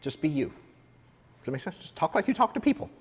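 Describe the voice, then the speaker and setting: A man's voice: fairly high pitch, big pitch swings, a little fast, slightly rough, in a large hall. A man who runs an agency, coaching his agents in a casual, blunt way with the odd swear word. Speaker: agency owner training agents. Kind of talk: casual coaching talk to a room. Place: office meeting room.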